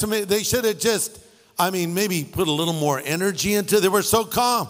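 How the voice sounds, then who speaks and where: High-voiced pastor joking through a sermon. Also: male voice, a little fast, long reverb tail. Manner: storytelling with jokes and asides. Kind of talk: humorous sermon.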